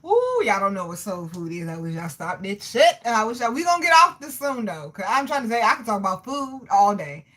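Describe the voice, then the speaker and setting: A woman in her thirties hosting a livestream, answering her chat in a loud, animated way, laughing often and swearing freely. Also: medium pitch, fairly quick, few pauses. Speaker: livestream host reading chat. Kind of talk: casual chat.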